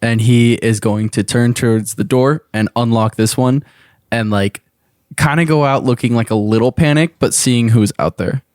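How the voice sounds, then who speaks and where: Guy playing a tabletop game, lots of likes and pauses, dry mic. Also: medium pitch, darkish tone, dry recording. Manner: hesitant, filler-heavy. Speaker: player. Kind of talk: casual tabletop play.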